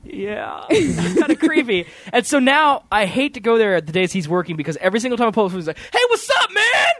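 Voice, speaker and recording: A man's voice: high-pitched, quick pace, no echo. A young man co-hosting a radio show, telling stories with lots of laughter and mimicked voices. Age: young adult. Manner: animated storytelling, mimics people, laughs often. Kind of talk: casual banter.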